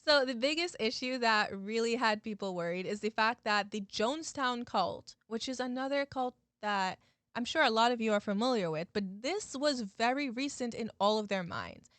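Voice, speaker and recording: A woman's voice: a little high, expressive, a little fast, fairly bright tone, no echo. A woman YouTube host recapping a story in a chatty, casual way, talking straight to her viewers. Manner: chatty, addresses viewers, many "like" fillers.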